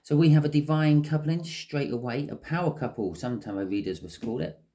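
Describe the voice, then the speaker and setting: A man giving a casual, chatty tarot reading, often checking in with "okay?". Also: fairly quick. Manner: chatty, lively rises in pitch, frequent "okay?" check-ins. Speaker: tarot reader.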